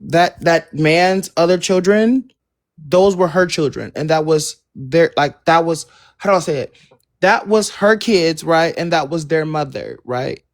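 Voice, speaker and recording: A woman's voice: deep voice, unhurried. A woman hosting a casual online panel, running through the rules in firm repeated lists with scattered ums. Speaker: livestream panel host. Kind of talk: casual moderated panel chat.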